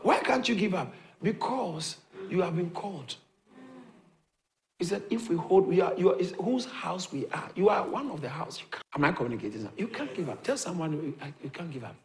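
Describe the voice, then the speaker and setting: Man preaching a sermon, kinda high voice, keeps repeating himself n asking the crowd if they're with him. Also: expressive, brisk, a little mellow, a little hiss or hum. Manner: rhetorical questions to the congregation, repeats phrases for emphasis.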